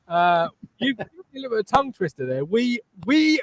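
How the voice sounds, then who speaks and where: Upbeat high-voiced man hosting a fan show. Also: very animated, fairly quick, few pauses. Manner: upbeat, chatty, reads out live chat comments. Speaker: podcast host. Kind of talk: live fan podcast chat.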